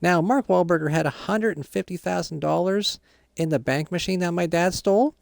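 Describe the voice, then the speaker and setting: An excitable man rambles through a comic roleplay story, sounding almost like a kid. His voice sits a little high and has a gravelly fry, and the recording is dry and close. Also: moderate pace, no echo. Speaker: roleplay gaming youtuber.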